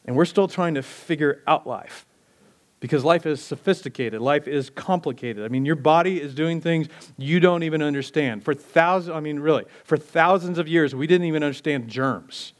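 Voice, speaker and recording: This is a man delivering a sermon as a pastor, keeping it conversational, rapid with rhetorical questions, and slowing to a low register whenever he hits an important phrase.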